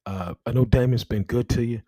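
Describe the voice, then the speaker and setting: A man hosting a casual interview show, relaxed and repeating words as he searches for his questions. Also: medium pitch, brisk, slightly rough, no echo. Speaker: show host.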